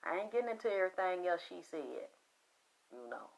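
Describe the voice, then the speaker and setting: A woman telling a story in a loud, profane, excitable monologue, acting out the voices she quotes. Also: lowish voice, fairly quick, gravelly. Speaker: spiritual commentator.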